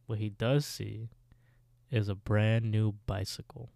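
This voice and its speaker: A man's voice: fairly low pitch, steady tone, slow pace, vocal fry, a little mellow, dry recording. A man casually recapping a TV episode as a podcast co-host, telling the story in a laid-back way.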